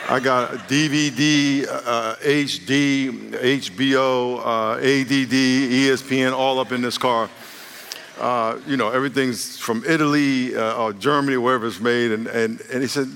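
Male pastor, sermon with comic storytelling, bright forceful tone, long church-hall reverb. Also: mid-range voice, a little slow, a little hiss or hum. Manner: jokey, animated storytelling, acts out characters.

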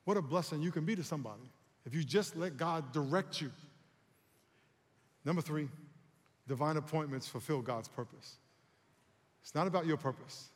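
A man preaching a sermon as pastor, animated and calling on the congregation to respond. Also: a little high, moderate pace, long pauses, long reverb tail.

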